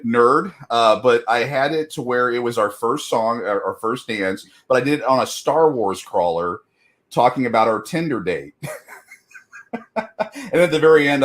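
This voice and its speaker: A man's voice: fairly low pitch, fairly bright tone. A middle-aged man chatting casually as a guest, rambling with lots of fillers and laughing at himself often. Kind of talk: casual chat.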